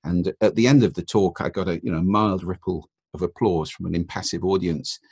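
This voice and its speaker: A man speaks as an interview guest in a very low register, his voice gravelly with a husky edge. He explains in a measured, patient way and shows intonation with his own voice. The sound is dry and close. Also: fairly even intonation, a little mellow, no room sound. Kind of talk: podcast interview.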